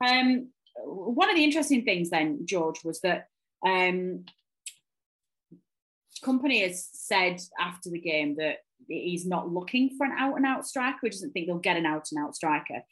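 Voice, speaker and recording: Woman, low voice, football podcast host, casual, hesitant fillers. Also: expressive, normal speed, fairly bright tone, a little hiss or hum, low-quality recording. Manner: hesitant, lots of ums, laughs easily.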